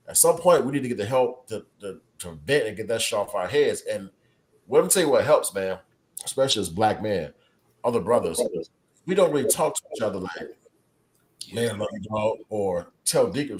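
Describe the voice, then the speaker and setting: A man's voice: lowish voice, animated, normal speed. A man co-hosting a casual podcast discussion, speaking candidly with plenty of profanity and repeated words for emphasis. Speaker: podcast co-host.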